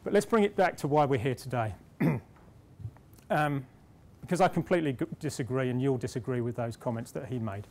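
A man's voice: medium pitch, fairly quick, a little mellow. British man telling a conference anecdote. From Britain. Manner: storytelling, self-deprecating, with repeated restarts. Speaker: conference speaker. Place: conference hall.

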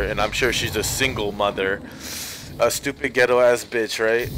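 A man's voice: fairly low pitch, fairly even intonation, normal speed. Ranting young male gaming streamer. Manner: ranting, profane, rambling. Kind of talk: casual storytelling while playing. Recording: game sounds and noise behind.

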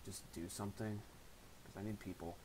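Amid a noisy background, a late-teen streamer chats briskly while gaming, hurling sweary, crude trash talk at his friend. His pitch is fairly low and his tone steady.

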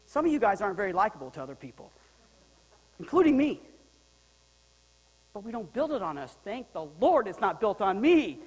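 A male pastor preaching a sermon in a lively, joking way, swinging between loud and quiet. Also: sits high, a little fast, pauses often, slightly rough, in a large hall, low-quality recording. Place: church sanctuary.

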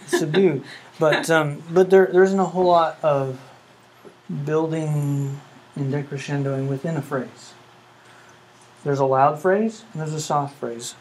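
A man lectures a music class in an earnest, questioning way, now and then humming the melody he means. His middle-pitched voice is picked up by a room mic in a classroom, with a faint hiss under it. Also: poor audio. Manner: earnest, asks rhetorical questions, hums melodies. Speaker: music professor.

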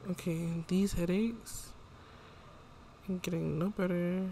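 A man's voice: high-pitched, fairly even intonation, takes it slowly, gravelly, mellow, slight background noise. A man casually commenting on a life-sim game as he plays, chatting to the characters and his viewers. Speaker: gameplay vlogger.

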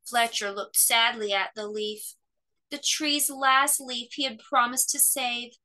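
A woman hosting children's story time, reading a picture book aloud with expressive, animated storytelling. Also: on the high side, slow pace.

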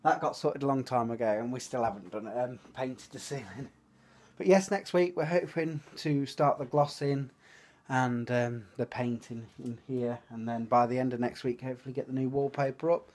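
A man's voice: medium pitch, moderate pace, a little mellow. Rambling dad vlogging on his phone. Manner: chatty and rambling, with many trailing fillers. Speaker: family vlogger. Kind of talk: casual vlog chat to camera. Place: at home, indoors and in the garden. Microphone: phone camera held by the speaker.

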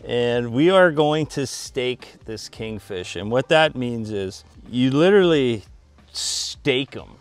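A man hosting a fishing channel, talking casually to the camera from a small boat and later from his dock, excitable when fishing and calmer and chatty when cooking. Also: mid-range voice, slow pace. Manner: excitable, yells and laughs when a fish bites; calm and chatty back at the dock. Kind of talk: casual vlog narration. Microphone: camera mic, later with a wind cover.

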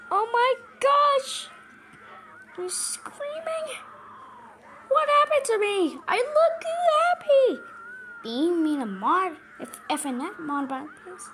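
A woman voicing a squeaky, cheerful male cartoon mouse who rambles nervously while reacting to a video, breaking into frantic yelps. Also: wildly swooping pitch, a little slow, hardly any pauses, noisy background, exaggerated voice. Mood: panicked. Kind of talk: in-character reaction commentary.

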